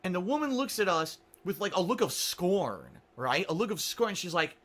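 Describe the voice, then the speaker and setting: High, lively man telling an exasperated story. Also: moderate pace, few pauses. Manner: exasperated, sarcastic, swears freely; rhetorical questions to listeners. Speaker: radio show host. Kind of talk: casual storytelling. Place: small studio.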